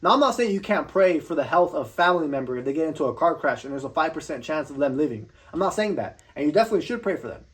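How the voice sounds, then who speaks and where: A man's voice: fairly high pitch, expressive, racing, few pauses. A young man giving a blunt, profane motivational rant, swearing constantly and tripping over repeated words. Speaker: vlogger.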